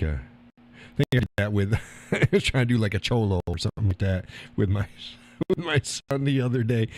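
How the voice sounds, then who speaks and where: A man with a fairly low voice hosts a casual live stream, chatting to viewers. His talk is folksy and meandering, often broken up by chuckles. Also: darkish tone. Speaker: live-stream host reading viewer chat.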